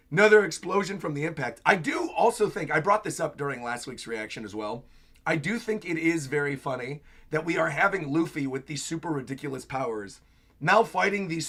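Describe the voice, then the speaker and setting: A young man hosting a manga reaction livestream, giving animated commentary with lots of laughing. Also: fairly high pitch, breathy edge. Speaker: channel host.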